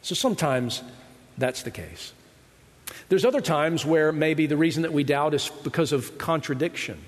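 A man's voice: fairly high pitch, lively intonation, normal speed, long reverb tail. A man preaching a conversational sermon, retelling Bible stories and acting out their voices, often checking in with the audience. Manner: conversational, asks the audience "right?"; acts out quoted voices of Bible figures. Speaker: pastor.

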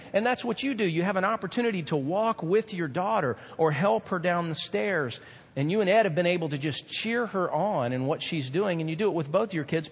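A man preaching as pastor in a sermon, animated and preacherly. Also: a little high, slightly rough, big-room sound.

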